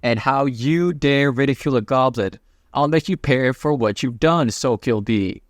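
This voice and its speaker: A man's voice: medium pitch, moderate pace, no room sound, studio quality, close to an everyday voice. A man reading the lines of an arrogant, menacing male goblin warrior in a comic recap, with little change from his own voice.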